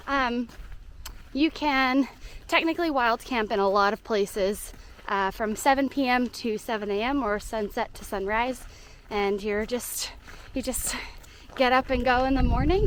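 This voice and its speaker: Woman, Southern accent, young adult, high voice, chatty, cheerful, walking outdoors, faint background noise. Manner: chatty, cheerful, laughs often. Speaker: hiking vlogger. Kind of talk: casual hiking vlog narration. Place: outdoors on a trail.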